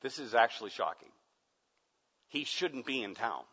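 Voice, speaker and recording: Male pastor, dramatic sermon delivery, bright tone, reverberant muffled hall recording. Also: mid-range voice, lively intonation, moderate pace, breathy edge. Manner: dramatic, swings from hushed to loud shouting.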